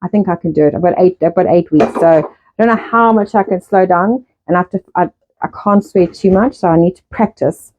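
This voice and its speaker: A middle-aged woman hosting a casual live stream, talking fast in a rambling way and swearing often. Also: on the low side, a little mellow. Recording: dull lo-fi live-stream audio.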